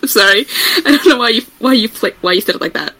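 A woman's voice: a little high, animated, sharp tone, slightly rough, low-quality recording. A woman co-hosting a podcast, talking casually about a book, hedging and restarting her sentences. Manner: rapid, hedging, with many "like"s and restarts. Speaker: podcast co-host. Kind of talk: casual book-club chat.

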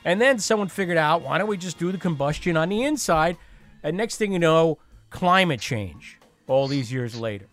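A man's voice: on the high side, expressive, normal speed, a bit bright. A man hosting a podcast in casual chat, jokey and chatty, with many fillers and restarts. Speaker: podcast host.

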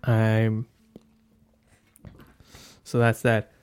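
This podcast host's voice is fairly low, darkish and clean, with a completely flat delivery and drawn-out words. Talking alone, he meanders casually, swearing heavily and filling the gaps with fillers and restarts.

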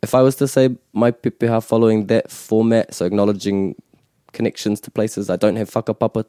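A man's voice: on the low side, fairly even intonation, brisk, dark tone, smooth, no room sound, clean studio sound. A man teaching a language lesson on a podcast, explaining patiently and switching into Māori phrases.

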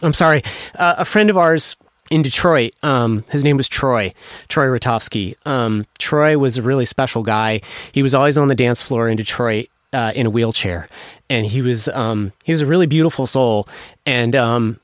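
A man speaks casually in an interview, gushing about music he loves and circling back with many fillers and restarts. His voice is smooth and clear, recorded close in a dry space. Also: medium pitch, moderate pace, dry recording. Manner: emotional, apologetic when moved. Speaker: music producer guest.

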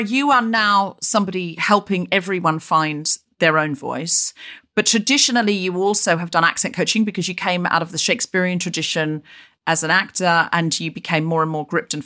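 Lower-voiced Australian-raised woman host. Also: normal speed, bright, forceful tone. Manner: chatty, self-deprecating, laughs often. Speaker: podcast host. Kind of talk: casual chat. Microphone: remote podcast recording.

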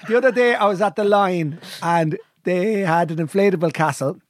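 A man's voice: high-pitched, moderate pace, no echo, studio quality. An Irish man co-hosting a podcast, telling rambling, jokey stories in a casual chat.

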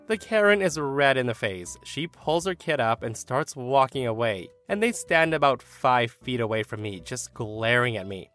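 A man narrating a story with a lively, expressive reading. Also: mid-range voice, normal speed, hardly any pauses. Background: faint music.

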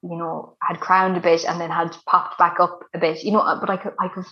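Woman in her 30s rambling thru a story, lots of like and you know, lowish voice, kinda dull lo-fi sound. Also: little pitch movement, a little fast. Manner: chatty, full of "like" and "you know" fillers. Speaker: guest sharing a birth story. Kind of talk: casual storytelling. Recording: dull lo-fi recording.

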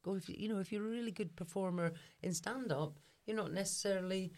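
A woman co-hosting a comedy podcast, chatty and quick to laugh along. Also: medium pitch, darkish tone. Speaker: co-host. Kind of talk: casual comic chat.

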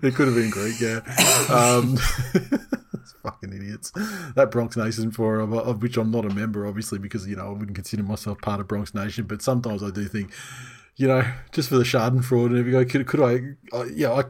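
A man's voice: lowish voice, steady tone, fast, a little mellow. A man hosting a casual sports podcast, reading out listener questions in a laid-back way, swearing casually and laughing often.

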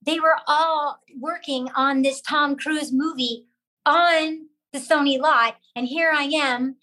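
An actress telling a lively story about her career, acting out other people's lines as she goes. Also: high-pitched, poor audio. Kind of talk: animated storytelling with acted quotes.

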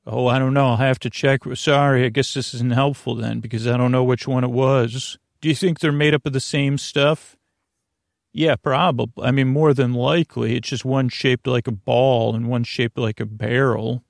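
A man hosting a sleep podcast, talking in a slow, meandering bedtime monologue that keeps drifting off topic and interrupting itself. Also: medium pitch, fairly even intonation, gravelly, no echo, clean studio sound. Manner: meandering, self-interrupting, soft-spoken.

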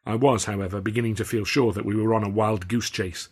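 A man's voice: on the low side, steady tone, quick pace, husky. A man reading his own first-person story aloud in a wry, dry storytelling manner. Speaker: author and reader.

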